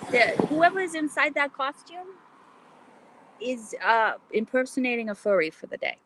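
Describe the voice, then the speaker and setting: A woman's voice: high-pitched, animated, moderate pace, noisy background. A middle-aged woman hosting a casual comedic vlog, chatty and theatrical, with many fillers and restarts, talking from an outdoor lunch spot. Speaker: self-styled advice host.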